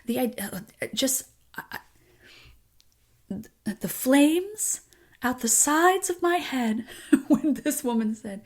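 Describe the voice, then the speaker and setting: Slow-speaking, frank woman songwriter. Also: sits high, lively intonation. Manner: frank and emotional, swears, halting restarts. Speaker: songwriter and author guest. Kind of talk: candid personal conversation.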